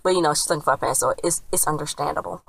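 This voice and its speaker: A woman's voice: deep voice, rapid-fire, vocal fry, a bit bright, dry recording, poor audio. A woman casually retelling a TV episode as a reviewer, rambling and chatty, and often quoting the characters. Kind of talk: casual spoken recap.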